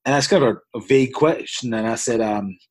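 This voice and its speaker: A man's voice: mid-range voice, brisk, no room sound. A man, a basketball coach, telling a long personal story in an interview, earnest and rambling with frequent restarts. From Scotland.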